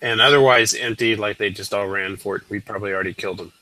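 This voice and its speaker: A man's voice: fairly low pitch, steady tone, fast, sharp tone, no echo, poor audio. A man playing a tabletop game, methodically asking questions about the scene. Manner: methodical, asks pointed questions. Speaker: player.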